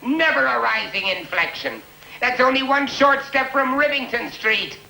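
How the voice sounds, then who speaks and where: A pompous, fussy elocution coach. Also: male voice, very high-pitched, expressive, normal speed, creaky, bright, forceful tone, slight background noise, heavily acted, rough recording. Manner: theatrical, repetitive, exasperated scolding. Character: pompous male con-man elocution coach, insistent and fussy. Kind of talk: 1970s TV movie acting.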